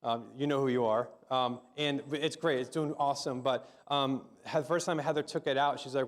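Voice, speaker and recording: A man's voice: mid-range voice, fairly even intonation, brisk, hardly any pauses. A middle-aged man preaching a sermon as pastor, talking to the congregation in a loose, conversational way, often repeating words and asking questions.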